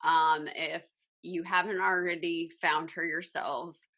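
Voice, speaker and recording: A woman co-hosting a podcast in casual chat, talking haltingly with many ums. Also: fairly low pitch, little pitch movement, bright, forceful tone. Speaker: podcast co-host.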